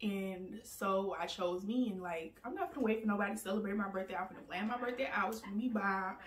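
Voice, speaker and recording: A woman speaks in a relaxed, heartfelt vlog manner, laughing easily and pausing with "um"s as she talks. Her voice sits in the middle of the usual range. The sound is echoey, and she is set well back from the mic. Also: medium pitch, recorded from a distance, a little hiss or hum. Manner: earnest and candid, laughs often, many "um"s. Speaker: vlogger. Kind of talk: casual personal vlog talk.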